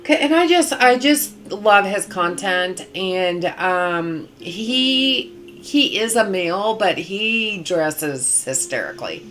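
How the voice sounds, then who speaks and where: A woman's voice: medium pitch, animated, takes it slowly, hardly any pauses, a bit bright, slight background noise. A middle-aged woman chatting casually on a live game stream, rambling along with many ums and restarts.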